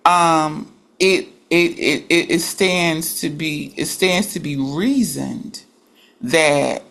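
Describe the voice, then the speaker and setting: In a casual religious study group discussion, a woman reflects aloud, often restarting as she works through her ideas. She has a deep voice with vocal fry.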